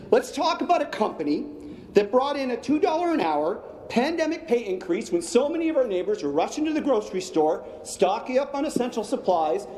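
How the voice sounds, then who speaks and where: A man's voice: high-pitched, dark tone. Impassioned man in an echoing chamber. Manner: rhetorical, repetitive, indignant. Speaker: politician. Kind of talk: impassioned legislative debate speech. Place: legislative chamber. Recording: echoey chamber with long reverb.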